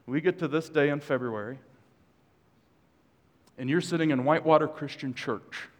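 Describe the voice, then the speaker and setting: A man's voice: fairly high pitch, normal speed. A male pastor preaching a sermon in a church, conversational, with joking asides to the congregation. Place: church sanctuary. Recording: long hall reverb.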